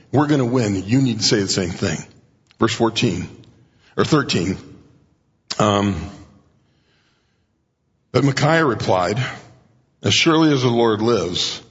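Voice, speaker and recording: A man preaching a sermon in a conversational way, often clearing his throat and raising his pitch to act out quoted speakers. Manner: frequent throat clearing and restarts. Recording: dull recording in a reverberant hall.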